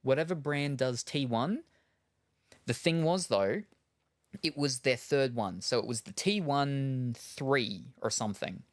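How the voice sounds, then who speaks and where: A man's voice: mid-range voice, unhurried. A man chatting casually while unboxing gear, rambling with lots of ums and asides. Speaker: streamer.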